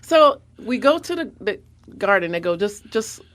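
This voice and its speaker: A woman guest telling a story in an animated way, loud and exuberant with big swings in her voice. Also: mid-range voice, normal speed. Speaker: guest, online video personality.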